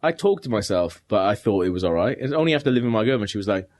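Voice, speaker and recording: A man's voice: on the low side, expressive, rapid-fire, a little mellow. A man telling jokey stories in casual podcast banter, swearing and acting out the people he quotes. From Wales. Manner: jokey storyteller, swears, acts out quoted voices. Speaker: podcast co-host.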